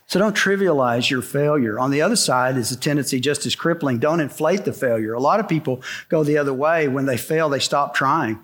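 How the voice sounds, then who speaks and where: A man's voice: medium pitch, a little fast, hardly any pauses, fairly bright tone. A middle-aged man preaching a sermon to a congregation, in an emphatic style that repeats its key lines. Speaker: pastor. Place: church sanctuary before a congregation.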